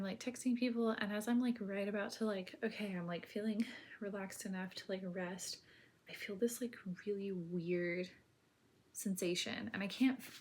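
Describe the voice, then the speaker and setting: A woman with a medium-pitched voice recounts her own birth story in loose, meandering speech packed with filler words, occasionally sinking into a soft, almost whispered tone.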